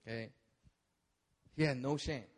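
A man preaching a sermon at a church service, telling the story with animated energy and acting out the figures in it. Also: mid-range voice, a little slow.

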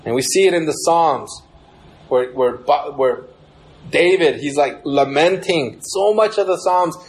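A man's voice: on the high side, a little slow, low-quality recording. A young man preaching a sermon in a casual, conversational way, acting out prayers with a raised voice. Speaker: pastor.

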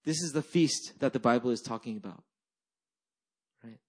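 A young man preaching a sermon as a pastor, animated and conversational, peppering his talk with "right?" and "like". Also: mid-range voice, moderate pace. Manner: animated storytelling, frequent "right?" and "like".

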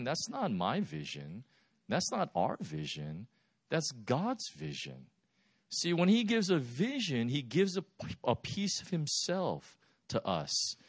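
A man preaching a sermon, telling stories in a lively, animated way with laughs. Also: mid-range voice, no echo, studio quality. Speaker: pastor. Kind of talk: sermon storytelling.

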